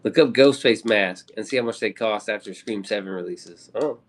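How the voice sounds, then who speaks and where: A man's voice: on the low side, moderate pace. A man from the Midwest chatting casually on a live stream, rambling with loose slang and casual swearing. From American Midwest.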